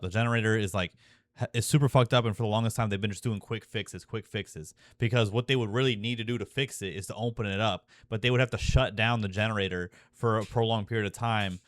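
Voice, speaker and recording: A young man with a lowish voice rambles through a casual monologue, swearing freely and tripping over fillers and restarts. He gets more emotional and intense as he talks. The sound is dry and close, with no room echo. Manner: profane, filler-heavy, restarts often.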